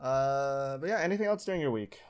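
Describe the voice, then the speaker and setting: A man chatting casually with a friend, easygoing and quick to laugh. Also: medium pitch, lively intonation, a little mellow, clean tone. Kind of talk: casual chat.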